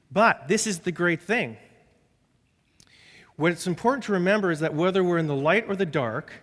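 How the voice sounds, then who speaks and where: High-voiced man preaching in a hall. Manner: lively, conversational preaching with self-deprecating humor. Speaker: pastor. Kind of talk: sermon.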